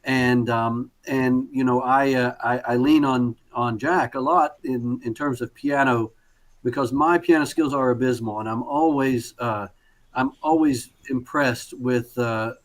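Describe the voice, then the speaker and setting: A man's voice: mid-range voice, fairly even intonation, measured pace. Male conductor giving glowing feedback. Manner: warm praise, many fillers and restarts. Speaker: conductor and judge. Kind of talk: spoken feedback on a performance.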